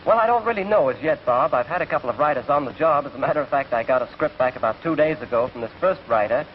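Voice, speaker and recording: A man's voice: mid-range voice, lively intonation, fast. A young man with an English accent telling jokes in chatty, self-amused 1940s film comedy banter. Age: young adult. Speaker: film actor playing himself. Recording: dull hissy 1940s film soundtrack.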